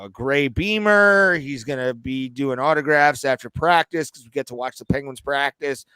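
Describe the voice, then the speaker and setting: A man in his thirties, a podcast co-host telling a long, animated, profane story in casual chat. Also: medium pitch, smooth, no echo.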